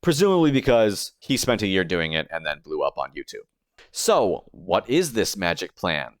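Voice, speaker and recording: A man's voice: sits low, sing-song, moderate pace, dry recording. Man narrating a dry video essay. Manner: explanatory, step-by-step. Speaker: streamer and YouTuber.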